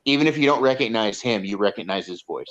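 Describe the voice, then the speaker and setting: A man's voice: on the low side, expressive, fast, fairly bright tone. A man co-hosting a casual movie review, retelling scenes in a rambling way with many fillers and restarts. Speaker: podcast co-host reviewing a movie. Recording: dull lo-fi sound.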